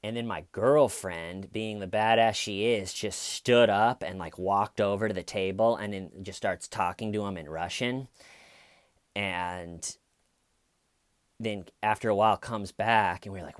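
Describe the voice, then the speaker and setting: A man's voice: low voice, moderate pace, no echo, studio quality. A man, a stand-up comedian, telling a casual story to camera in a rambling way, full of fillers.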